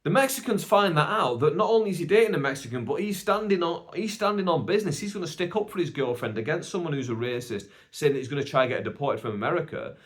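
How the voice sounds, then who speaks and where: British guy rambling on his podcast, super animated up-and-down voice, lots of side comments. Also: fairly high pitch, quick pace, few pauses. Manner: chatty, rambling, with asides. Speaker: podcast host. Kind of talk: casual solo podcast storytelling.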